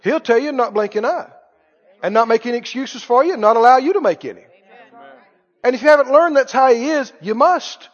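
A man preaching a sermon, emphatic, repeating key phrases, with quick asides and laughs. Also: very high-pitched, expressive. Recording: muffled reverberant hall recording.

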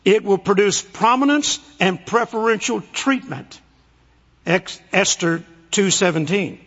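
A man's voice: sits high, unhurried, a bit bright. A man preaching a sermon, telling stories with folksy humor, in an echoey, muffled recording. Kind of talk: storytelling sermon. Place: large hall, speaking to an audience.

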